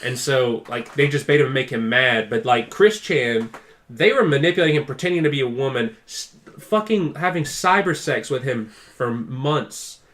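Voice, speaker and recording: Man, casual podcast chat, rambling, lots of "like", mid-pitched voice, acts out quotes. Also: expressive, normal speed, fairly bright tone. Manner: rambling storyteller, heavy use of "like"; acts out quoted people with raised intensity. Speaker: podcast co-host.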